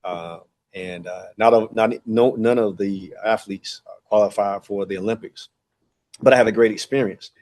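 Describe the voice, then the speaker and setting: A man in his forties, a track and field director appearing as a podcast guest, tells a long personal story in a casual, rambling way. He uses lots of fillers and acts out dialogue. His voice is fairly low, steady, and darkish, at a normal speed.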